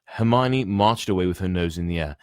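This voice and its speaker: A man's voice: sits low, fairly quick, darkish tone, dry recording, clean studio sound. A man reading a book aloud, often stumbling and restarting, with chatty asides. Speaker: reader.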